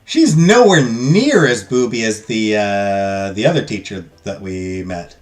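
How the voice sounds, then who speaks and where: A man's voice: fairly low pitch, animated, measured pace, a little mellow. A man hosting a let's play, giving casual commentary with rambling, jokey asides and fillers.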